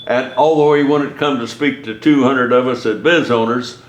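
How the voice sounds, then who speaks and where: A man's voice: medium pitch, steady tone, moderate pace. A man telling a story in a casual, rambling way. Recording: roomy with faint background noise.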